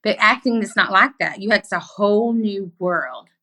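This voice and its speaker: A middle-aged woman from Arkansas with a Southern accent, a podcast guest telling stories in emphatic, animated casual chat with plenty of swearing. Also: medium pitch, normal speed.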